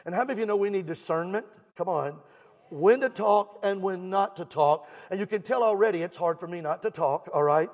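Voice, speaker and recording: Fervent high-voiced male evangelist. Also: brisk. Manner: fervent, exhorting, calls for crowd response. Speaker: evangelist, guest preacher. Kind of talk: sermon. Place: church sanctuary. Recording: long church hall reverb.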